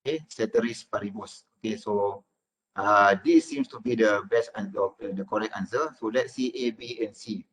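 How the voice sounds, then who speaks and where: A man's voice: lowish voice, moderate pace, a bit bright, poor audio. A man giving an online class lecture as a university lecturer, filling nearly every phrase with "okay" and "uh".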